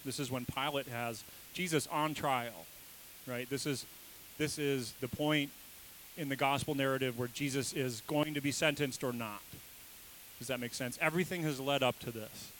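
A pastor preaches a sermon in a casual, conversational manner, quizzing the congregation and acting out the people in the story with sudden bursts of emphasis. His mid-range voice is steady and fairly bright at a moderate pace. The recording is rough, with a little hiss or hum.

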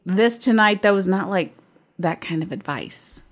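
A woman's voice: medium pitch, animated, measured pace. A woman in her fifties, a blunt, straight-talking podcast co-host who chats casually and laughs often. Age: 50s. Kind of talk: casual chat.

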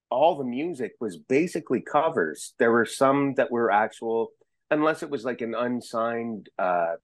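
A man chatting as a podcast guest, an excitable storyteller who rambles and restarts his sentences. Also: medium pitch, normal speed, no echo. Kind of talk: casual chat.

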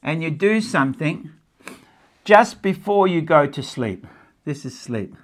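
Lively, animated male stress coach. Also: fairly high pitch, a little slow. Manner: animated, repeats points, asks the audience if they follow. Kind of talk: live talk to an audience and camera. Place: room with a small live audience.

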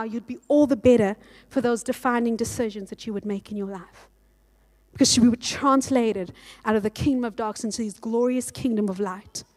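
High-voiced woman preaching a sermon. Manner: lively preaching, reads scripture aloud and acts out quotes. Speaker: pastor.

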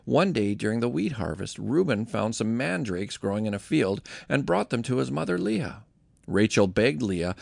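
Male reader, heavy vocal fry, lively delivery, dry close sound, scripture reading. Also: mid-range voice, normal speed, no room sound. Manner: lively, expressive storytelling. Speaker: Bible reader.

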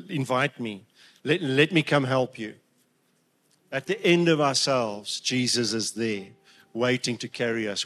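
A man's voice: mid-range voice, a bit bright. A man delivering a sermon to his congregation. He speaks with heartfelt emotion, stumbling over restarts and then building to emphatic peaks. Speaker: preacher.

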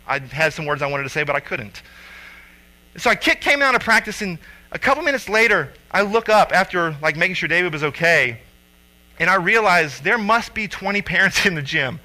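A man in his thirties, a father and youth coach, telling a personal story with lively acted-out quotes. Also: sits high, rough recording. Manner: animated storyteller acting out quotes loudly.

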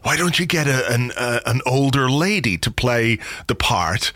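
A man hosting a football podcast in an easy, joking way, rambling through stories and asides. His voice is bright and sits at a middling pitch, recorded close and dry with no room sound. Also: expressive, unhurried, no room sound. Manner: chatty, jokey storyteller. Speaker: podcast host. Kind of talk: casual chat.

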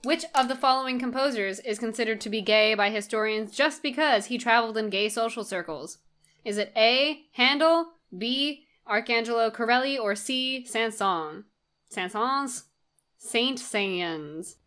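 A woman's voice: fairly high pitch, moderate pace, fairly bright tone. A woman hosting a podcast quiz in casual chat, giggly and apologetic.

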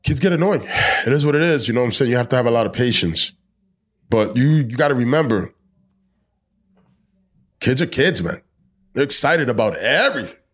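A man's voice: mid-range voice, normal speed, long pauses, husky. A young man hosting a podcast outdoors, talking loosely in slang and swearing, sometimes ranting. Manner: loose, profane, animated rants with slang. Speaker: podcast host. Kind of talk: casual chat. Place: outdoors in the cold.

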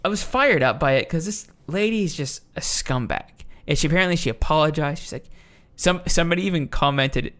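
Role: podcast host. Style: casual chat. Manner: heated, profane rant with frequent restarts. Pitch: middling. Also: brisk, fairly bright tone. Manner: ranting, profane, with many restarts.

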